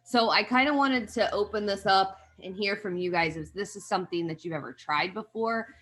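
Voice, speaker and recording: Female group coach on a video call, encouraging, conversational delivery, average pitch. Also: moderate pace, a bit bright.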